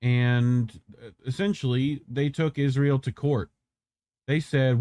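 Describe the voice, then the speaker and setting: A man's voice: medium pitch, a little slow, a little mellow. A man casually commenting on clips in a loose, joking, profane manner. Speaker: show host reacting to clips.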